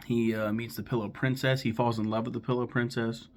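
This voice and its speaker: A man in his thirties talks casually to camera as a YouTuber ranking his favorite cartoons. He rambles, swears freely, and retells plots while acting out characters' lines in quick voices. His voice is medium-pitched and his delivery flat.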